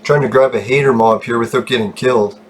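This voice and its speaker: A man's voice: mid-range voice, fairly even intonation, fast. A man hosting his own gaming channel, talking casually over gameplay, swearing freely and laughing often as he rambles.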